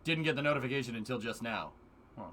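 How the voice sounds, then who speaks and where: A man's voice: medium pitch, fast, sharp tone, a little hiss or hum. A man streaming live, chatting casually and joking with his viewers. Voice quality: joking, puts on silly voices in bursts.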